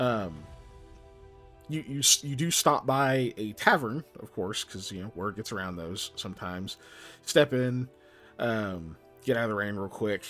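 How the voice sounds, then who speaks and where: A man running a tabletop game, describing the scene in a loose, rambling way with plenty of fillers and restarts. His pitch moves around a lot as he talks. Music plays faintly behind him. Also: a bit bright. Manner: casual, rambling, many fillers. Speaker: game master.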